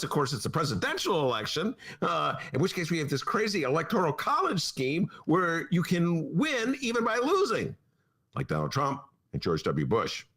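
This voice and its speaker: A man's voice: on the high side, fairly bright tone. A man hosting a political talk podcast in a studio, sarcastic and mocking in his banter. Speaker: podcast host. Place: radio studio.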